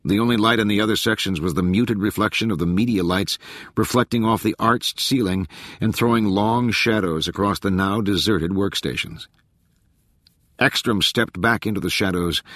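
Man, audiobook narrator, low voice, husky, measured, dry close sound. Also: no echo. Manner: even, measured reading. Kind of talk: scripted narration.

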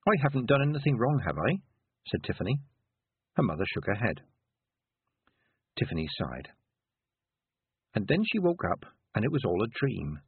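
Reading scripted narration, a husky, breathy man with a fairly low voice tells a story with animated rises and falls and carefully placed dramatic pauses. The sound is dry and near, yet tinny and narrow as if over a phone.

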